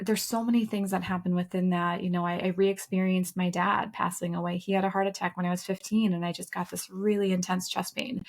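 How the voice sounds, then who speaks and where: Podcast co-host, woman, middle-aged, candid and reflective, mid-range voice. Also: medium pitch. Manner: earnest, reflective, candid and occasionally profane. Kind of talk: casual podcast conversation.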